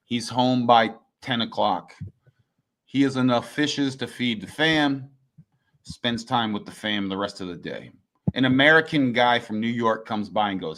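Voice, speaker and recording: A man chatting casually with friends and telling a short anecdote in an animated way, full of fillers. His voice sits at an ordinary middle pitch. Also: a little slow.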